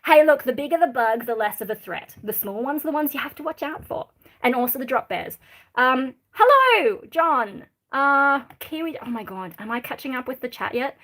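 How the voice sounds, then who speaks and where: A woman's voice: high voice, animated, normal speed, fairly bright tone. A woman in her thirties with an Australian accent, chatting casually on a livestream and answering viewers' questions with plenty of ums. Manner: reads out and answers chat questions, many fillers. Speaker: streamer.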